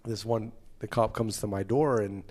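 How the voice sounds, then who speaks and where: Lively American man telling road stories. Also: fairly low pitch, normal speed. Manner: animated anecdotes, acts out other people's lines. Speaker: musician guest. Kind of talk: casual storytelling interview.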